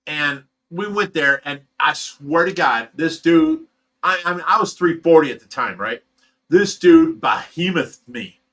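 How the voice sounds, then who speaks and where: A man telling a rough, profane story in casual chat as a host. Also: fairly high pitch, expressive, unhurried, sharp tone. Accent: Ohio. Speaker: fish rescue host.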